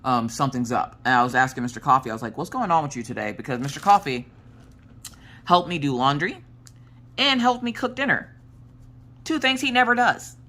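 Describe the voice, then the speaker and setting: A woman vlogger in casual storytime chat, frank and animated as she tells a family story. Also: sits low, a little fast, long pauses. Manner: animated, frank storyteller who acts out quoted voices. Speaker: crafting vlogger.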